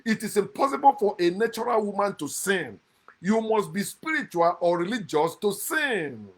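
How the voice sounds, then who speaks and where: A man giving a passionate, mocking monologue on scripture, swinging from loud outbursts to low muttered asides. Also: sing-song, normal speed. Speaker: online speaker critiquing scripture.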